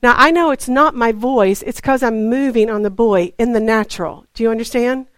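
A woman's voice: fairly high pitch, normal speed, dry recording. A woman preaching in a chatty storytelling way, acting out her talks with God. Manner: chatty, acts out dialogue with God. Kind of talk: storytelling sermon.

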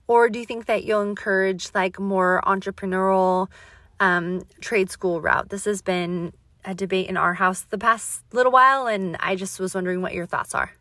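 A woman's voice: mid-range voice, sharp tone, no room sound. A woman leaving a voice memo question for a podcast, speaking politely with some hesitant ums. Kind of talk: recorded voice message.

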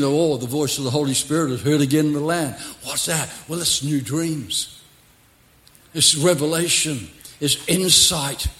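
Impassioned male pastor preaching. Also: on the high side. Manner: impassioned preaching with sudden swings between loud and soft. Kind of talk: sermon. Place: church service.

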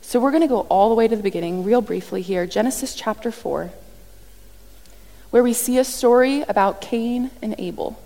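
A woman preaching a sermon in a lively, conversational way, often acting out what people said. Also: fairly high pitch, normal speed. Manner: animated, conversational, acts out quotes. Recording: long reverb from a large hall.

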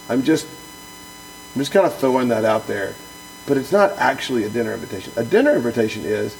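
A pastor speaks with a gravelly, creaky edge, reading passages aloud and then riffing on them earnestly and emphatically. His voice sits at an ordinary middle pitch, and he often stumbles and repeats words as he chases a point. A faint electrical hum runs underneath. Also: animated, fairly quick, a little mellow, poor audio. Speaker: pastor and podcast co-host. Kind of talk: book discussion podcast, reading aloud then commenting.

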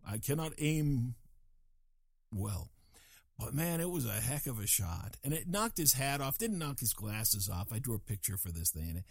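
A man's voice: mid-range voice, sing-song, normal speed, vocal fry, hardly any pauses, slightly rough, no room sound, clean studio sound. An older man from Colorado telling a rambling, self-deprecating story and acting out the voices of people in it. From Colorado, USA. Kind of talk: casual spoken anecdote.

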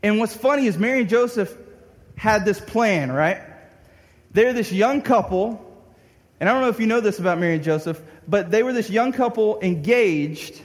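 A young man preaches through a funny personal story, his voice pitched high and ringing with a long hall reverb. He acts out his own frustration, now and then breaking into a shout. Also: lively intonation, normal speed. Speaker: pastor. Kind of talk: storytelling sermon.

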